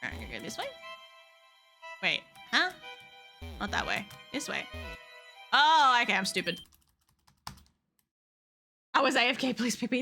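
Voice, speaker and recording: A young woman streaming a game, chatting excitedly and swearing freely as she talks to her viewers and the game. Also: medium pitch, moderate pace, long pauses, faint music behind. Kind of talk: casual live-stream chat while gaming.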